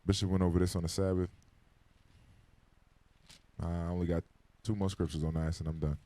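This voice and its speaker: Speaking briskly in a low, warm voice with little pitch movement, a man leads an informal Bible class in a crowded classroom. His tone is casual yet urgent, and he keeps prompting the group to respond. He is recorded on a microphone.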